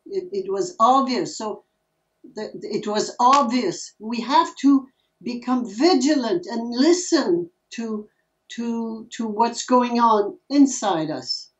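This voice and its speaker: A woman giving a reflective spiritual talk and answering questions, soft-spoken, often searching for words and repeating herself. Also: mid-range voice, distant mic, highs cut off. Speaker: spiritual speaker.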